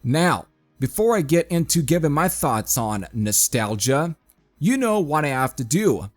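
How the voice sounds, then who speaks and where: A man talks through a metal album review in a casual, rambling way, calling his listeners folks and stopping for an uh now and then. His voice sits a little high for a man, with faint music playing under it. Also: sing-song, measured pace. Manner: chatty, addresses viewers as folks, frequent fillers.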